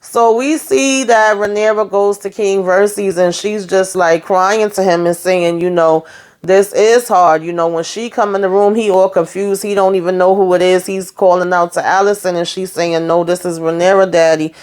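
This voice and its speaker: A woman's voice: medium pitch, fairly even intonation, normal speed, darkish tone, smooth. A woman casually recapping a TV episode, chatty and sassy, with lots of fillers. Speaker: show recapper.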